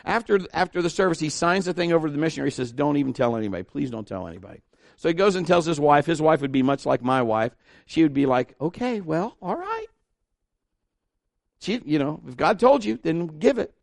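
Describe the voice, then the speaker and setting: A middle-aged man preaching a sermon, telling a story and acting out the people in it, swinging between loud and hushed. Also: a little high, quick pace, vocal fry, no room sound, studio quality. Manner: animated, acts out dialogue, shifts between loud and hushed.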